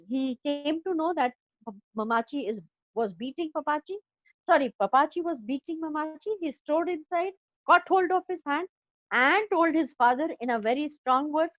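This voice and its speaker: Indian english teacher lady in class, high lively voice, keeps asking understood, dull dry lo-fi sound. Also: no echo. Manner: explains, repeats, checks with "understood?". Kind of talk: classroom lesson explaining a story.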